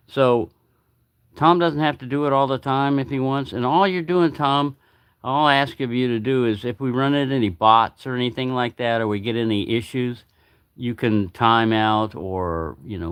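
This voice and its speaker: A man's voice: mid-range voice, clear, resonant tone, no room sound. Chatty man rambling on a livestream. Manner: rambling, chatty, repeats himself. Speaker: knife channel host. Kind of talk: casual livestream chat.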